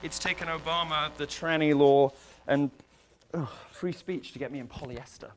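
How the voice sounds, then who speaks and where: A man's voice: on the high side, fairly even intonation, normal speed, noisy background. Flamboyant mocking man on stage. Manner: flamboyant, mocking, sighing asides. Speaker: featured speaker at a campus event. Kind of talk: comedic provocative speech. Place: stage in a large hall.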